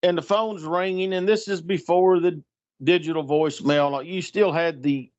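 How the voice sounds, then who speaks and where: Lively storytelling man, muffled sound. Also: fairly high pitch, normal speed. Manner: animated, acts out voices in anecdotes. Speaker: guest storyteller. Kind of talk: casual storytelling on a podcast. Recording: dull lo-fi sound.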